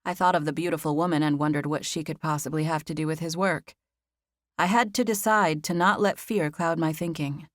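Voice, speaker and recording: A woman narrating a romance novel in the first person, in an even, intimate storytelling manner. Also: deep voice, brisk, no echo, clean studio sound. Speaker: audiobook narrator.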